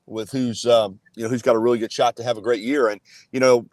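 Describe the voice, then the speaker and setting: Male sports guest, mid-pitch, earnest, dry close mic. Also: level tone, fast, a little mellow, dry recording. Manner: earnest, filler-heavy analysis. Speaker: guest analyst. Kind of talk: casual sports talk.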